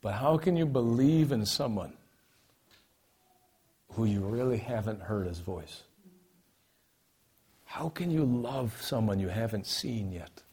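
A man with a husky, somewhat breathy voice preaches a sermon. He drops low and quiet, then surges loud and emphatic, repeating his key phrases to press each point home. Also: animated, slow pace, long pauses.

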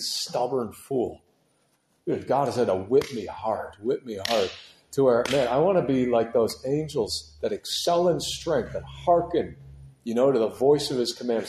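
A man preaching a sermon with passion, moving from hushed, heavy passages to loud, urgent ones, and dropping casual words like dude and man. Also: medium pitch, echoey room, slight background noise. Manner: impassioned, swings from hushed to shouting.

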